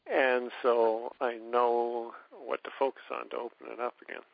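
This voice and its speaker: A man taking part in a meditation group, sharing in a slow, halting, reflective way. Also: mid-range voice, little pitch movement, gravelly, a little hiss or hum. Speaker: group participant. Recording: dull lo-fi recording.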